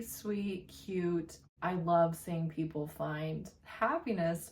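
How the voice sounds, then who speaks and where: A woman hosting a casual reading vlog, talking in an animated, emphatic way and laughing often. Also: fairly low pitch, distant mic. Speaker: booktuber host. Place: home room with laptop.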